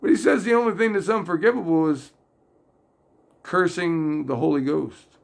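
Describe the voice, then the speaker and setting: A man's voice: a little high, moderate pace, creaky. A man hosting a casual faith talk, speaking earnestly and rambling a little as he retells stories. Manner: earnest, rambling, gets loudly excited and emotional. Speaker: religious video host.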